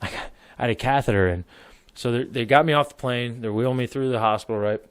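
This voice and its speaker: A man's voice: medium pitch, quick pace, clean tone, no room sound. Male podcast guest, 30s, rambling and profane, dry close sound. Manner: rambling, laughs while telling stories, swears freely. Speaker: podcast guest, military veteran. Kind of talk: casual storytelling.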